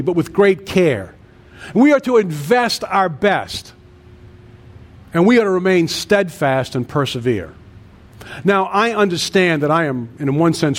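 A man in his sixties, a pastor preaching a sermon with an earnest cadence and emphatic repeated lists. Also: high-pitched. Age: 60s.

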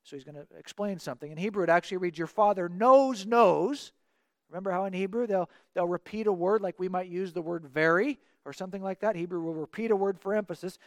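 A man's voice: sits high, quick pace, few pauses, dry recording, studio quality. A man teaching a Bible passage verse by verse in an earnest, explanatory way, acting out the quoted dialogue.

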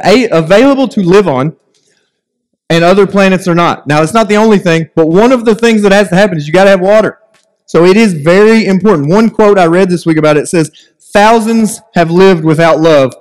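A man delivers a sermon in a church with a long, ringing reverb around him. His voice sits a little high, and he keeps it animated with humorous asides and mocking impressions of complainers. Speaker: pastor.

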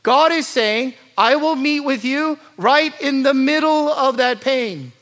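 A man preaching a sermon as pastor, moving from quiet low asides to loud, urgent pleading and repeated rhetorical lists. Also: slow.

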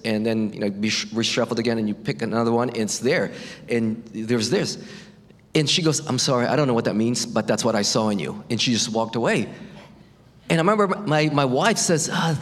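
Halting man telling a faith story, reverberant. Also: mid-range voice. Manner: halting, repeats words and restarts often. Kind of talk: personal faith testimony. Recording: long hall reverb.

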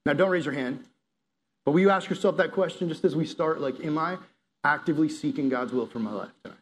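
A young man preaching a casual, lively sermon to teenagers, often saying "like" and "right?". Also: a little high, brisk. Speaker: youth pastor. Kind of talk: youth sermon.

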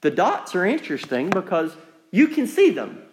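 A man's voice: high-pitched, huge pitch swings, normal speed, roomy sound, slight background noise. A male preacher, giving a conversational sermon full of rhetorical questions. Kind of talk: sermon with storybook reading.

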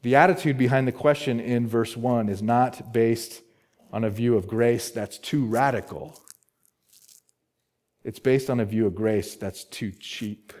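A man's voice: mid-range voice, a little slow, a little mellow. A male pastor preaching an expository sermon, emphatic, repeating key words and asking rhetorical questions.

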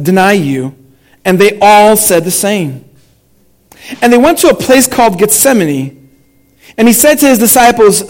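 A man pastor preaching a sermon in a church, reading scripture slowly and sinking to a hushed, low delivery on the weighty lines. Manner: invites the congregation to read aloud with him. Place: church sanctuary.

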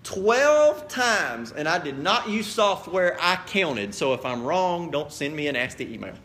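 A man preaching as the pastor of a church, earnest and direct, dropping quiet then building to emphatic appeals. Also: a little high, sing-song, a little slow, a little hiss or hum. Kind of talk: sermon. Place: church sanctuary.

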